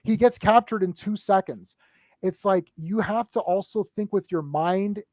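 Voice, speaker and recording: A man with a notably high voice, recorded dry and close with almost no room sound. He chats casually on a live stream, retelling movie scenes with animated excitement. He talks in quick bursts, restarts often and keeps checking in with "right?". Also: no echo. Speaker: movie discussion panelist.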